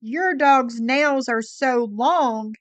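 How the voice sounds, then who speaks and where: A woman's voice: high-pitched, drawn-out words, no room sound. A woman chatting casually beside a live stream host, talking fondly about a pet. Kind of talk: casual chat.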